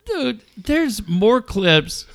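A man co-hosting a casual sports radio show, telling animated stories and laughing often. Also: high-pitched, drawn-out words, creaky. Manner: animated storyteller, laughing through wrestler impressions. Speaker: radio co-host.

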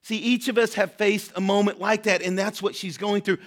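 High-voiced preacher, earnest and urgent. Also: male voice, fairly even intonation, normal speed. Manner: earnest, voices the widow's pleas with rising urgency; often checks in with listeners. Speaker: pastor. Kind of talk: sermon.

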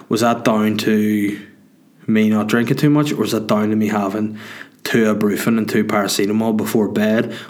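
A man's voice: on the low side, darkish tone. A man, a comedian telling a story in a chatty, self-mocking way, swearing freely. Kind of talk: casual storytelling monologue.

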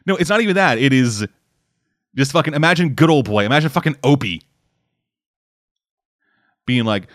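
A man's voice: medium pitch, animated, normal speed, pauses often, a bit bright, dry recording, clean studio sound. Rambling, profane casual man. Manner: rambling, swearing, lots of fillers. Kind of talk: casual chat.

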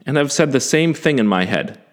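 A man in his forties telling a first-person story in a self-deprecating, animated way, with some swearing. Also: mid-range voice, brisk. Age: 40s.

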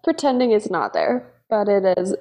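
A woman's voice: medium pitch, lively intonation, measured pace, dark tone, rough recording. A woman giving brief, agreeable replies in a casual podcast chat.

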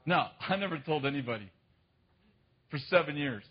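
A man delivers a sermon as a running personal story, mocking himself and laughing along the way. His voice sits a little high and has a husky edge. The recording sounds dull and muffled. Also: moderate pace, pauses often. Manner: animated, self-mocking, laughs often. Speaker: preacher.

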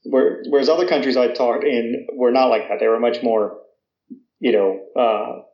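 A man's voice: mid-range voice, fairly even intonation, moderate pace. An American man talking casually in an interview, chatty and self-deprecating, with lots of fillers. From United States. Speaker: guest, American living in Croatia. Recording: echoey room, slightly dull audio.

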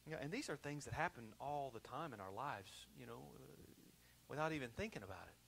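A male pastor preaching a sermon in a conversational way, repeating himself often and swinging between loud emphasis and hushed, quiet stretches. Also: mid-range voice, expressive, fairly quick, vocal fry, slight background noise.

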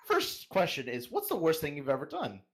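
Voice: mid-range voice, wildly swooping pitch, a little fast, fairly bright tone. A podcast host casually reading out listener questions in an upbeat way.

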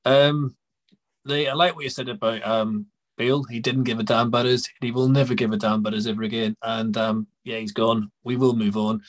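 A man's voice: mid-range voice, fairly even intonation, a little fast. A Northern Irish man hosting a podcast, asking questions in a jokey, chatty way. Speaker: podcast host. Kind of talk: podcast interview.

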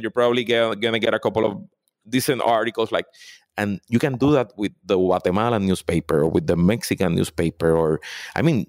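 Guy talking politics on a podcast, lowish voice, dry close mic, pushes his points hard. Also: dry recording. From Puerto Rico. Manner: emphatic, animated, repeats for stress. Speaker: political consultant guest. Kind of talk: podcast interview.

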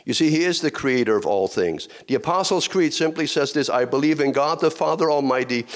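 A man's voice: on the high side, animated, fairly quick. A middle-aged male pastor preaching a sermon in a conversational way, with asides, restarts and repeated phrases.

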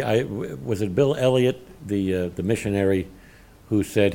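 A man's voice: lowish voice, moderate pace, gravelly, a little mellow. A man preaching a sermon, telling stories with animation and laughing at his own jokes. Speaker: pastor.

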